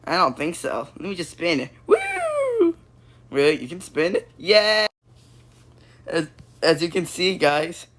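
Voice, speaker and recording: A man improvising a goofy VR puppet comedy, excitable and silly, breaking into sudden squeals. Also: a little high, moderate pace. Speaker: puppet show creator.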